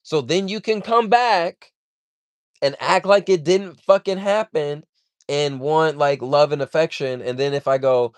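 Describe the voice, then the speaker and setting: A man venting on his livestream, heated and profane, circling back over his complaints as he rambles on. His voice is smooth and resonant, and it sounds close and dry with no room around it. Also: a little high, a little slow, no room sound. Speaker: livestream host.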